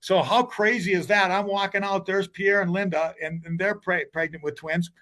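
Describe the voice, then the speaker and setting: A man's voice: sits high, steady tone, moderate pace, a bit bright. An older man, a hockey coach telling long stories as an interview guest, rambling with many restarts. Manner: rambling, retells conversations with many restarts and "he goes".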